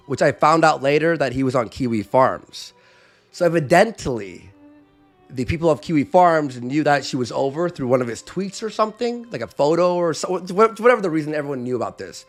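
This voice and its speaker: A man telling a long story in a casual, profane way, acting out what others said. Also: fairly high pitch. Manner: profane, animated, acts out quotes. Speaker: podcast host.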